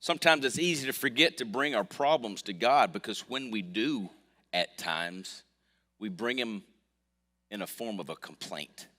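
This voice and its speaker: Male pastor, low voice, lively sermon delivery, reverberant sanctuary sound. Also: moderate pace. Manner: lively storytelling preacher with swings from quiet to loud. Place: church sanctuary. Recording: long hall reverb.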